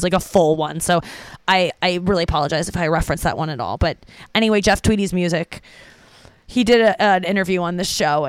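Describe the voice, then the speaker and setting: A woman's voice: on the low side, clean tone, dry recording. Rambling, profane young woman podcaster. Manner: rambling, profane, self-interrupting. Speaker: stand-up comedian and podcast host. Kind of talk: casual solo podcast monologue.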